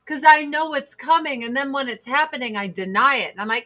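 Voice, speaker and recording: Blunt, high-voiced ranting woman. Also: a little fast, few pauses. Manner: blunt, profane, animated rants with mocking put-on quotes. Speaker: livestream host. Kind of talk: casual livestream chat.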